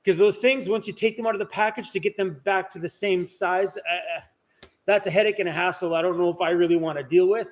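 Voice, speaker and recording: A man's voice: sits high, steady tone, a little fast. A man hosting a casual live stream from inside his workshop, chatting and answering viewer comments. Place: indoor workshop.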